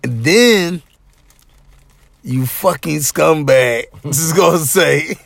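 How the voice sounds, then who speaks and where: A man's voice: a little high, drawn-out words, vocal fry, fairly bright tone, dry recording. A man hosting a podcast, trading laughing, profane banter about boxing. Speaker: podcast host. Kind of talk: casual chat.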